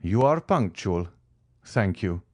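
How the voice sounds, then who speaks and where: A man voicing the Count of Monte Cristo, a proud, secretive nobleman, speaking in a courtly, gently ironic way. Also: on the low side, big pitch swings, takes it slowly, no room sound, heavily acted. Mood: warm greeting. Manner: courtly and gently ironic, raised above the narration. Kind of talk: audiobook character reading.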